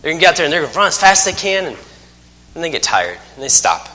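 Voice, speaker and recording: A man's voice: a little high, very animated, racing, pushed and bright. A man in his thirties preaching a sermon, telling folksy stories with self-mocking humor. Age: 30s. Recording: long hall reverb.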